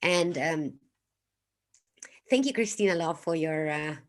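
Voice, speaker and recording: Woman, Dutch accent, low voice, livestream host, casual reflective talk, greets chat viewers. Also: measured pace. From Netherlands.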